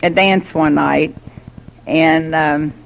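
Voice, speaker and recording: A woman's voice: low voice, fairly even intonation, very slow, gravelly, low-quality recording. Candid woman telling her story. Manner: candid, laughs often while telling. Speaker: speaker sharing her recovery story. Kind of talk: personal testimony.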